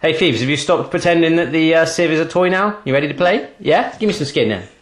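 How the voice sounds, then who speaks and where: A man's voice: fairly high pitch, lively intonation, fast, reverberant. A man hosting a casual cooking demonstration in his home kitchen, chatty and teasing as he cooks alongside a child. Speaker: cooking show host.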